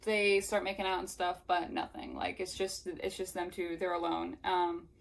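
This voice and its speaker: A woman's voice: on the low side, flat delivery, normal speed, vocal fry. A young woman recapping a novel in a casual, sarcastic way, mocking the scenes she reads aloud. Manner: sarcastic, mocking, breaks into acted voices. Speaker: book reviewer. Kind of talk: casual book recap with read-aloud passages.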